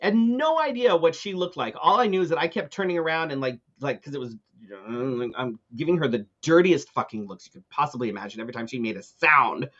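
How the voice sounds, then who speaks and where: A man's voice: fairly high pitch, animated, fast, few pauses, a bit bright, highs cut off. A man co-hosting a live talk show, telling a ranting story in casual chat, full of fillers and swearing.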